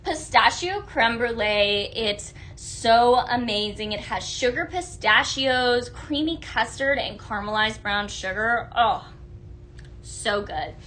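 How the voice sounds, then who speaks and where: A woman hosts a live shopping stream. She gushes about products and reads viewer votes aloud. Her voice is bright and sits a bit high. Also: takes it slowly, a little hiss or hum. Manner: bubbly, gushing, reads viewer comments aloud. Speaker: live-selling host.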